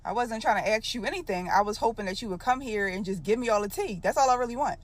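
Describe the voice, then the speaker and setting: Woman storyteller, lively and colloquial, mid-pitched, acts out quotes. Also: fast. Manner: animated, acts out dialogue, colloquial. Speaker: storytime creator. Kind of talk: casual storytelling to camera.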